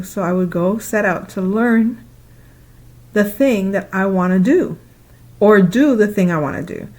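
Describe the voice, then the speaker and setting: A woman talking casually in a spiritual monologue, animated and playful, acting out her own past thoughts with laughing asides and long loose lists. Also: medium pitch, moderate pace. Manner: repetitive listing, loose conversational phrasing. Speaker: spiritual speaker.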